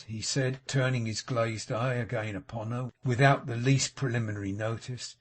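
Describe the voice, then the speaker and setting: A man narrating a classic novel as an audiobook in a measured, even reading. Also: mid-range voice, slightly rough. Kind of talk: scripted narration.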